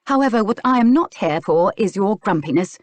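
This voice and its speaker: A woman's voice: medium pitch, animated, a little fast, dry recording, pitched above the performer's own voice, lightly acted. A woman voicing a bold, outspoken young village healer in an audiobook, spirited and pointed. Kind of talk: audiobook character dialogue.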